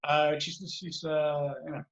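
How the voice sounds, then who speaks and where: A British man chats about a movie, stumbling and restarting his sentences as he goes. His voice sits slightly high. The audio is dull and lo-fi. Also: little pitch movement, measured pace. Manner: hesitant, lots of restarts. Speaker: podcast co-host. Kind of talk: casual movie chat. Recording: muffled lo-fi audio.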